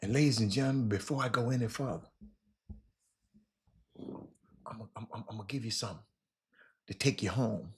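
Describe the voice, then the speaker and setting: A man hosting a casual history talk, animated, stumbling and repeating words as he addresses his listeners directly. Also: fairly low pitch, normal speed, pauses often. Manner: animated, repeats words, talks to audience as y'all. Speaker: host.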